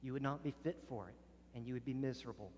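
A man preaching a sermon as a pastor, earnest, dropping soft on solemn lines. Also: medium pitch, fast, long reverb tail, slight background noise. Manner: earnest preaching, drops soft on solemn lines, rises sharply in acted arguments.

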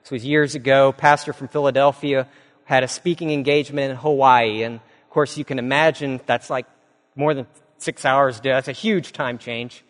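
A man preaching a sermon, telling a story with lively acted-out voices, dropping low and quiet for solemn points. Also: moderate pace. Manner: animated storyteller, acts out quoted voices, drops low and soft for solemn points. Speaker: pastor. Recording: long hall reverb.

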